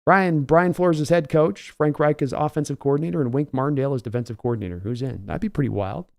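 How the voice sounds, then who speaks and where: A man's voice: on the high side, fast, creaky, a little mellow, no room sound, studio quality. A man hosting a casual livestream, chatting loosely and answering viewers' comments by name. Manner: rambling, conversational, reads out viewer names. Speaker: host.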